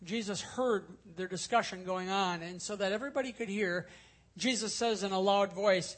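A man's voice: high-pitched, moderate pace, a bit bright. A male pastor teaching a sermon, explaining scripture earnestly and repeating key points for emphasis. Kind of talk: expository sermon.

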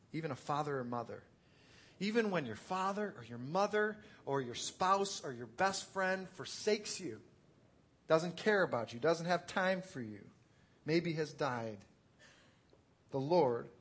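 A pastor preaching an earnest, conversational sermon, swinging from quiet reflection to loud, pleading intensity. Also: male voice, on the high side, breathy edge.

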